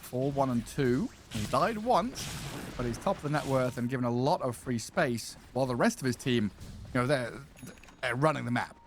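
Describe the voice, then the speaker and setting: Excitable guy casting esports play-by-play, pitch leaping all over, noisy background. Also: moderate pace. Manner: excitable, laughs often, pitch jumps on big plays. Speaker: esports caster. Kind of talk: play-by-play commentary.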